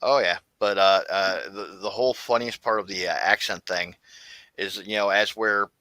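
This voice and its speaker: A man's voice: sits low, steady tone, normal speed, sharp tone, no room sound, poor audio. A man from Florida chatting casually as a guest, rambling with many fillers and restarts. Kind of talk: casual livestream chat.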